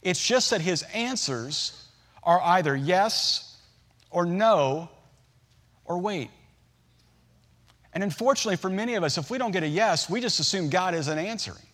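A middle-aged man preaching a sermon, telling a family story in a relaxed, conversational way with humorous asides. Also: high-pitched, normal speed, pauses often. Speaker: pastor.

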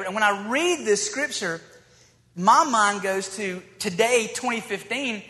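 Male preacher, high and bright, loose and chatty, acting out the scripture, echoing in a large hall. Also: measured pace. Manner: conversational, acts out dialogue in scripture. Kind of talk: sermon. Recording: long hall reverb.

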